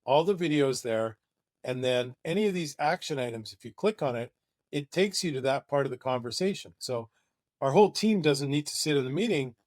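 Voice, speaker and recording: A man's voice: medium pitch, lively intonation, fairly quick, a little mellow, no room sound, studio quality. A man presenting a marketing webinar, talking in an enthusiastic, conversational way.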